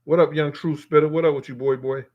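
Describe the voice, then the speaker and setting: A man's voice: fairly high pitch, steady tone, quick pace, lo-fi sound. A man hosting a live stream, reading viewers' comments aloud and answering them in a loose, profane, rambling way. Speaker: livestream host reading chat. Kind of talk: casual live-stream chat.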